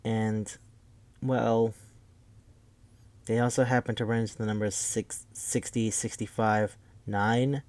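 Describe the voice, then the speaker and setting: A man casually recapping a movie plot, rambling, swearing, and acting out the characters' lines in quick bursts. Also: lowish voice, flat delivery, a little mellow, dry recording. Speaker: podcast host.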